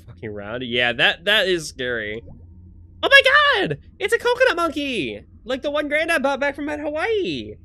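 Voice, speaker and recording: A man's voice: medium pitch, bright, forceful tone, a little hiss or hum. A young man streaming a game live, chatting in rambling asides between lines. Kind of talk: live gameplay commentary.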